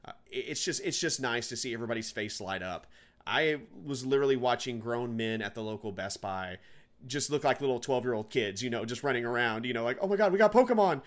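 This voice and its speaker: A man's voice: mid-range voice, a little fast, a bit bright. A man co-hosting a gaming podcast, chatting with upbeat enthusiasm and now and then announcing segments to listeners. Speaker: podcast co-host. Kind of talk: casual gaming podcast chat.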